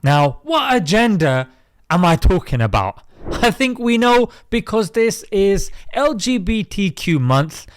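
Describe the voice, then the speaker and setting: A man's voice: sits high, sing-song, a little slow, smooth, no room sound, studio quality. A British man hosting an opinion commentary vlog, preachy and chatty, calling his viewers mate. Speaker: host.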